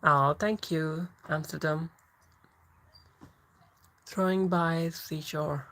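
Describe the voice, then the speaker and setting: A woman's voice: deep voice, drawn-out words, creaky, long pauses, pushed and bright, rough recording. A woman hosting a casual livestream, chatting and laughing as she answers viewer comments. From England. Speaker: livestream host.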